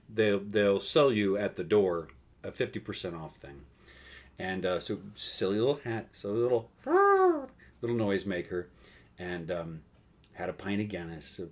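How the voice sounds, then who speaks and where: A man in his thirties, host of a gaming show, telling a rambling story with chuckles while playing a video game. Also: fairly low pitch. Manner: rambling, chuckling, with many fillers and restarts.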